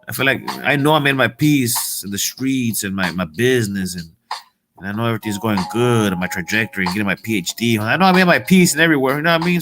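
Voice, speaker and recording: Fired-up man cursing, bright voice. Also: mid-range voice. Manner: profane, heated, repetitive street slang. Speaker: motivational vlogger. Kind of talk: casual motivational rant.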